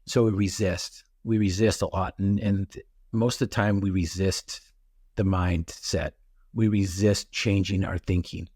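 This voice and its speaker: A man's voice: sits low, measured pace, slightly rough, dry recording, clean studio sound. A middle-aged man, a guest speaker on a podcast, telling stories with energy and acting out his own reactions. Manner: animated storyteller, acts out his own reactions. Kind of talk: storytelling in a podcast interview.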